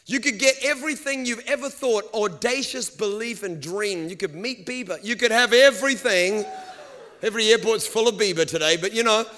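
A male preacher with a high, ringing voice delivers a lively sermon. He tells stories with humor and throws in vocal sound effects, speaking to a live congregation. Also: moderate pace, a little hiss or hum. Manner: animated storytelling with humor.

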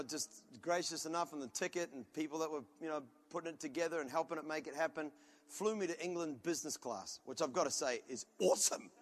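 A man preaching a sermon as a pastor, telling loud, animated stories with comic outbursts. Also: on the high side.

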